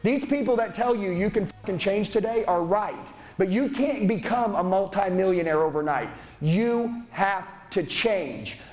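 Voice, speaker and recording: High-pitched, intense male sales trainer. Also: normal speed, few pauses. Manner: intense, profane, shouting and lecturing. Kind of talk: motivational seminar speech. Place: seminar room with live audience. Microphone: handheld mic.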